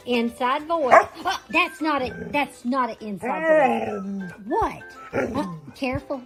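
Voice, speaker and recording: A woman's voice: high voice, animated, a little slow, pauses often, over music. A woman in a home video giving a dog playful commands and scolding it.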